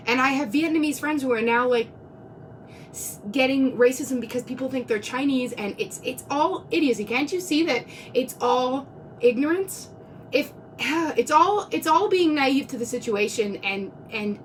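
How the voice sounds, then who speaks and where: A woman's voice: on the high side, far from the mic, slight background noise. A woman talking earnestly on a live stream, close to tears, rambling and restarting her sentences. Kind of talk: emotional live-stream monologue. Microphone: phone.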